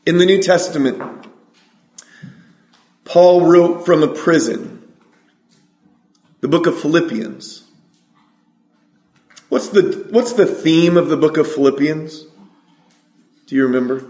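A man from California preaching a sermon, asking the congregation questions and reciting scripture slowly. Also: a little high, lively intonation, darkish tone, roomy sound. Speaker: pastor.

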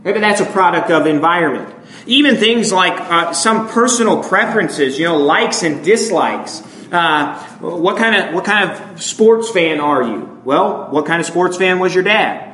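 A man from the northern United States, with a matching accent, preaches a sermon in a conversational, animated way, often checking in with "right?" His voice is high-pitched and a little slow. The rough recording is reverberant with slight background noise.

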